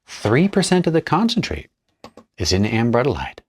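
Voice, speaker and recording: Mixing perfume materials, a man explains them casually and thinks out loud in a hands-on tutorial narration. His mid-range voice swoops wildly in pitch at a moderate pace, with a slightly rough texture.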